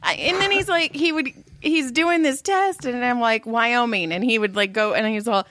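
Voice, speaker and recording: A woman's voice: on the high side, normal speed. A woman in her thirties co-hosting a casual podcast, telling stories with lots of swearing and laughter. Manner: profane, animated storytelling with laughs. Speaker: podcast co-host. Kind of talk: casual chat.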